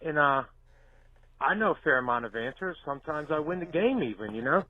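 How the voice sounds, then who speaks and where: A man's voice: on the high side, animated, brisk. A man leaving a blunt, profane voicemail for a podcast, chuckling through his story. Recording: tinny phone-line voicemail.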